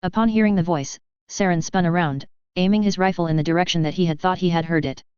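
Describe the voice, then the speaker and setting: A woman with a low, very smooth voice narrates a story in a steady, even read. The sound is dull and muffled, and the room is completely dry. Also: fast talker, no echo. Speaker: fanfiction reader.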